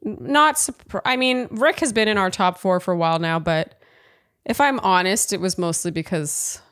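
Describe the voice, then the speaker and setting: A woman's voice: medium pitch, moderate pace, a bit bright, no echo, studio quality. A woman co-hosting a podcast, chatting casually about a TV episode, laughing often and trailing off mid-sentence. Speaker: podcast co-host. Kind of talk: casual chat recapping a TV show.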